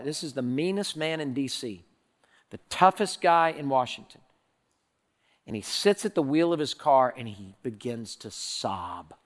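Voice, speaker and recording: Male pastor, high-pitched, dynamic sermon delivery, reverberant hall. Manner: preaching with wide swings from hushed prayer to loud emphasis.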